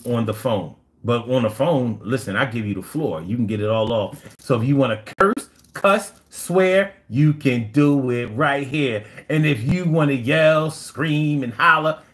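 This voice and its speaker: New guy hosting a live stream, loose and slangy, mid-pitched voice. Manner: loose, playful, reads chat aloud, slangy. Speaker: livestream talk show host. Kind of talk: casual live call-in stream chat.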